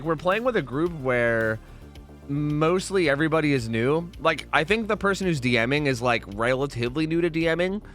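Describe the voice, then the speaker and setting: Male streamer, lively pitch, salty rambling chat over faint music. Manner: swears a lot, rambling, thanks subscribers. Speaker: livestreamer. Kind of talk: casual livestream chat.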